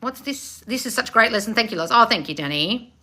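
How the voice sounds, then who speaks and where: A woman coaching her viewers live, loud and fired-up, blunt and quick to swear. She calls people darling with a sassy edge. Her voice sits a little high and rings bright and forceful. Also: expressive. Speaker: manifestation coach. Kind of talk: live-streamed coaching with read-out viewer questions.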